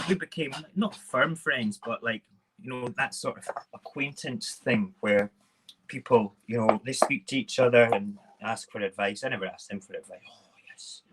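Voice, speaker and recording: Casual male host, mid-pitched voice, rambling and chatty with viewers. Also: very noisy. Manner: chatty, rambling, talks to viewers while cooking. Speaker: live-stream morning show host. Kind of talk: casual live-stream chat.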